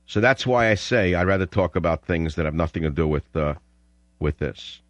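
A man's voice: low-pitched, animated, moderate pace, no echo. An older man hosting a radio talk show, rambling and combative as he rants between clips. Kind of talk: opinionated radio monologue.

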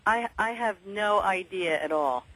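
A woman's voice: medium pitch, animated, a bit bright, no room sound, rough recording. Chatty Philadelphia woman calling in. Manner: chatty, quick, halting restarts. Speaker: caller. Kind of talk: call-in radio chat.

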